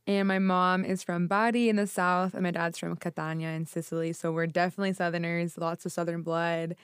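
Podcast guest: young woman, smooth lower voice, chatty and filler-heavy, dry sound. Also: little pitch movement, brisk, no echo. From United States. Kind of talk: casual chat.

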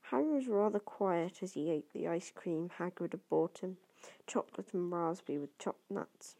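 A woman's voice: lowish voice, moderate pace, warm tone. Woman reading aloud, stumbling over words. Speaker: reader. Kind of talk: amateur audiobook reading.

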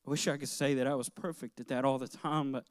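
A man's voice: medium pitch, steady tone, fast, no room sound, clean studio sound. A middle-aged man, a pastor, preaching a sermon in an earnest, personal way, telling childhood stories with light laughter.

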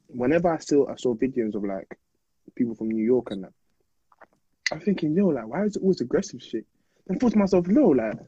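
A man's voice: a little high, dark tone, breathy edge, no room sound. A young man co-hosting a casual podcast, teasing in slang and repeating his jokes. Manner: teasing, repetitive slangy interjections. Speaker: podcast co-host. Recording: dull, dry lo-fi sound.

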